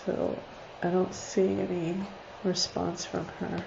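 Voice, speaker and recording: This live stream card reader talks slowly and flatly in a fairly low, creaky voice, yet she stays chatty, laughs often and calms her dogs as she reads cards for viewers from home. Captured by a computer or phone on the stream, the sound is dull with a noisy background.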